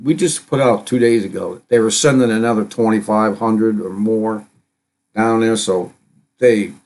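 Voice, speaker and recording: A middle-aged man hosting a live stream, reading news items aloud and commenting on them in a rambling, halting way with many fillers and restarts. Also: on the low side, a little mellow.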